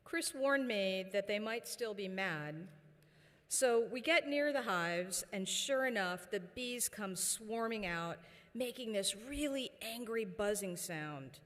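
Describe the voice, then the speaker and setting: A woman giving a commencement address as university chancellor, telling a personal story with fillers and pauses. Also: mid-range voice, expressive. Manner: warm storytelling with frequent fillers. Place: large indoor ceremony hall. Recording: long reverb of a large ceremony hall.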